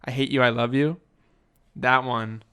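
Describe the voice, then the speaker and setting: A man's voice: medium pitch, fairly even intonation, measured pace, bright, forceful tone, clean tone. A young man co-hosting a casual podcast in a basement, joking around and slipping into silly accents. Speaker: podcast co-host. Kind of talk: casual chat.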